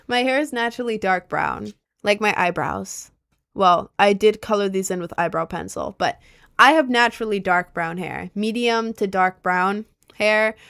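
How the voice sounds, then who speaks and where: A woman's voice: mid-range voice, fairly bright tone, smooth. A young woman from rural Maryland with a faint Southern lilt, chatting casually on a stream and answering questions from chat as they come in. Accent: slight Southern lilt on some words. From rural Maryland, United States. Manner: rambling, chatty, with frequent fillers and laughs.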